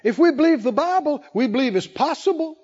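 A male preacher giving a sermon to a congregation, animated and playful, often laughing and acting out scenes. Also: extremely high pitch, brisk, lo-fi sound. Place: church service with congregation.

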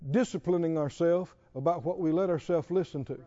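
A man's voice: fairly high pitch, brisk, mellow, dull audio. A middle-aged male pastor preaching a sermon, punctuating his points with emphatic exclamations and quoted scripture.

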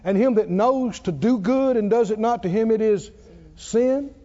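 A man preaching a sermon, swinging between loud, dramatic lines and hushed ones. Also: high-pitched, moderate pace. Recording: muffled sound with long hall reverb.

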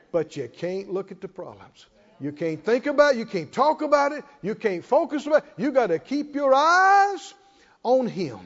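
A man preaching a fervent sermon, moving from hushed tones to shouted repetition as the congregation answers. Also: extremely high pitch, sing-song, normal speed, a faint crowd. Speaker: pastor. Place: church hall with congregation responding. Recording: dull hall reverb, lo-fi.

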